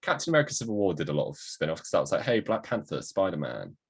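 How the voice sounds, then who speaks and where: Deep, husky-voiced joking man. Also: big pitch swings, rapid-fire. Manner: joking, playful. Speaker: podcast co-host. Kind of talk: casual chat. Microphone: video call.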